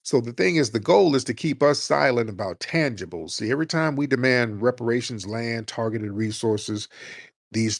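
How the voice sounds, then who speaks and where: A man's voice: mid-range voice, normal speed, no echo, studio quality. A man hosting a live call-in show, giving blunt, combative political commentary in slangy speech. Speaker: host.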